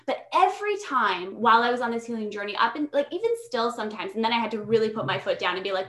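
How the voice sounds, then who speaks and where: A woman's voice: fairly high pitch, animated, fast talker, hardly any pauses, fairly bright tone. A young woman talking as a guest in a casual podcast conversation, bubbly, upbeat and talkative. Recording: roomy echo.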